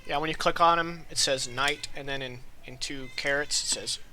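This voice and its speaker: Game master, male, very bright forceful voice, animated narration, higher pitch. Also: a little hiss or hum, rough recording. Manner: animated, rushes into shouted NPC lines. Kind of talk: running a tabletop game online.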